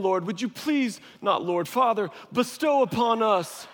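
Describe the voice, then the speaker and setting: A small child praying in absurdly grand and formal words, put on by a man, drawing every phrase out. The voice sits high. A long reverb rings from the large hall. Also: fairly bright tone, heavily acted. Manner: overly formal, grandiose, drawn out.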